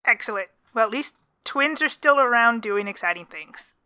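A woman's voice: fairly high pitch, expressive, moderate pace, pushed and bright, no echo. A woman hosting a podcast, bubbly and giggly in casual chat. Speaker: podcast host.

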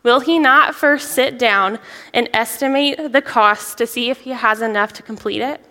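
Bright-voiced young woman preaching in a hall. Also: on the high side, normal speed. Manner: lively, chatty, laughs often. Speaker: children's ministry director preaching. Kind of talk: sermon with storytelling. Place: church sanctuary. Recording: long reverb of a large hall.

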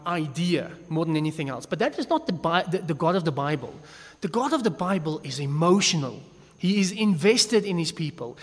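Guy teaching a bible class, kinda high voice, jokey and loose, lots of echo. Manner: chatty, joking, with frequent restarts. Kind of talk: casual teaching talk. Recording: long echo of a reverberant hall.

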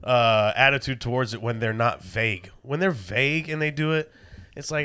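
A man's voice: medium pitch, moderate pace, sharp tone, smooth. A man co-hosting a podcast, rambling and laughing through crude, casual comedic banter. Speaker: podcast co-host.

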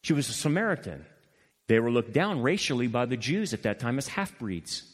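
A man's voice: sing-song, brisk. Impassioned male pastor in a reverberant church. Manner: emphatic, swings between loud passionate peaks and low intimate asides. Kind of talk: sermon. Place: church sanctuary. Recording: long hall reverb.

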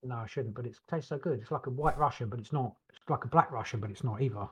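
A man's voice: mid-range voice, fast. A British man co-hosting a podcast, rambling and swearing freely in casual chat. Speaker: podcast co-host.

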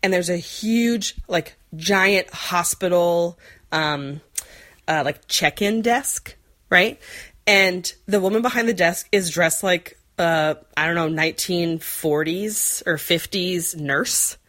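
A woman in her forties tells a long, rambling story in a casual chat, with lots of fillers and quick laughs. Her voice sits a bit low for a woman. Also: fairly bright tone. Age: 40s. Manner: rambling, chatty, many fillers, frequent laughs.

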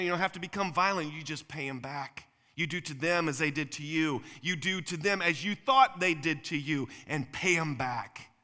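A man in his forties preaching a sermon as pastor, swinging between loud emphatic points and quiet low passages. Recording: long hall reverb.

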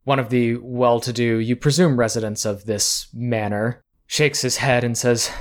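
A man narrating a tabletop role-playing game as game master, in measured storytelling. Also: medium pitch, steady tone.

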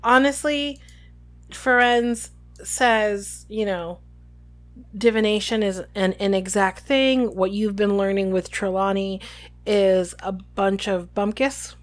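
A woman's voice: medium pitch, steady tone, takes it slowly. A woman co-hosting a podcast, chatting casually and reading passages aloud. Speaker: podcast co-host. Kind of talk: casual book discussion.

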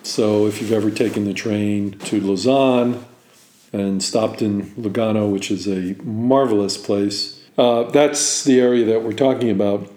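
Middle-aged man, lowish mellow voice, measured, explanatory, echoey empty room. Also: steady tone. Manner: measured and explanatory, with pauses and fillers. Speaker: podcast co-host, wine expert. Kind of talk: casual podcast chat. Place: sparse, empty apartment room.

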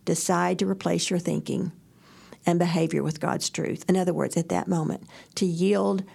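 A middle-aged woman co-hosting a faith talk show, telling stories in an animated way, acting out quotes and laughing often. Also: lowish voice, moderate pace, gravelly, slightly rough. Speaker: podcast co-host. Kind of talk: faith-based casual chat, storytelling.

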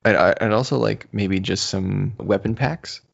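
A man's voice: fairly low pitch, moderate pace, creaky, slightly rough. A man co-hosting a podcast in casual chat, laughing often and restarting his sentences. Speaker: podcast co-host. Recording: muffled lo-fi audio.

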